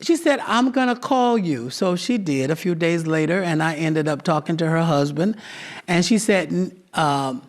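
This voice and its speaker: A man who founded a theatre troupe, being interviewed and telling stories in an animated way, acting out the voices of the people he quotes. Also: a little high. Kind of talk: storytelling interview.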